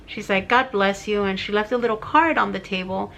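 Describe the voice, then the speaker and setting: A woman's voice: mid-range voice, a little fast, creaky, fairly bright tone, a little hiss or hum. A middle-aged woman vlogger telling a heartfelt personal story to her viewers, tearful and rambling with fillers.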